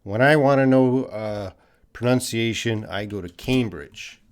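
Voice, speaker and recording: Canadian guy answering english questions on a live stream, talks slow, repeats words for learners. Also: mid-range voice, smooth. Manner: patient explaining, repeats words slowly for learners. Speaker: English teacher.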